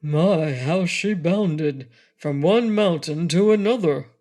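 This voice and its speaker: A woman voicing a timid male lion in a storybook reading, speaking loudly and quavering as if near tears. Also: low-pitched, slow, full character voice. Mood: fearful.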